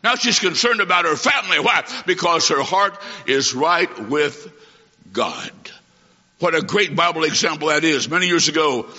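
A high-pitched male preacher with a very bright, forceful voice delivers a fiery sermon. He swings between shouted declarations and quiet asides. The recording is dull and lo-fi, with a long reverb from a large hall. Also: expressive, normal speed. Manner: emphatic, swings from loud to hushed.

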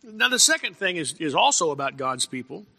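A man delivers a sermon from the pulpit in a gravelly, sharp-edged voice. He clears his throat often and stumbles over repeated words as he builds his points. His voice rings out with the long reverb of a church hall. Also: fairly high pitch, big pitch swings, fairly quick. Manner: frequent throat clearing and repeated false starts. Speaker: pastor.

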